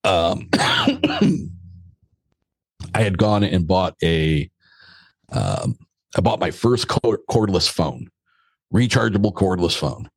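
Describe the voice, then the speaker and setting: Deep-voiced man telling a story. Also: very animated, slow pace, vocal fry, pauses often, husky, no echo. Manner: laid-back, blunt and joking, with mild swearing. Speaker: podcast guest. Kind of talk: casual storytelling.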